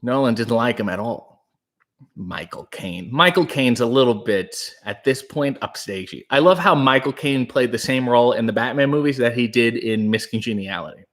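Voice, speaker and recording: A Canadian man hosting a live stream, reading chat aloud and joking in a breathy, hushed way, close on a new microphone. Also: medium pitch, animated, normal speed. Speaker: livestream host reading chat. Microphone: new studio microphone.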